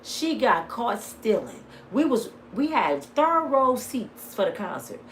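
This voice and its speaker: A middle-aged woman talking to her viewers in a casual vlog, swinging from lively storytelling to heated, preaching talk. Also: a little high, slow, a little hiss or hum. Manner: plain-spoken, addresses viewers as y'all. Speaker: vlogger. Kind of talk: casual storytelling and emotional monologue.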